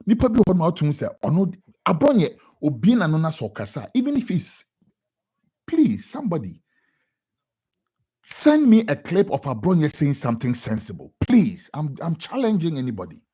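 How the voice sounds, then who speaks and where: A young Ghanaian man with a Ghanaian accent giving an animated editorial commentary on radio, often repeating words for emphasis. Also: fairly high pitch, normal speed, slightly rough.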